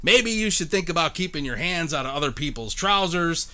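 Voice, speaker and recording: Animated, bright-voiced male game show host. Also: on the high side, fairly quick. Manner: playful, joking, chatty with viewers. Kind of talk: live-streamed game show hosting.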